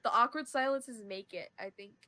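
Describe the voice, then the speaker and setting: A woman's voice: on the high side, moderate pace, crowd noise. A teenage girl talks loosely on a podcast and giggles often. Her stories ramble from one aside to the next. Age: teens. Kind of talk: casual chat.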